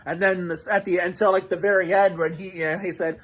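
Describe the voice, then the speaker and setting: A man with a fairly high voice talks loosely and casually, tripping over his words and restarting sentences often. He swears freely as he rambles on. The talk is unscripted and meandering. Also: steady tone, a little fast, a bit bright. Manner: rambling, profane, many restarts. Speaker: vlogger reacting to a show.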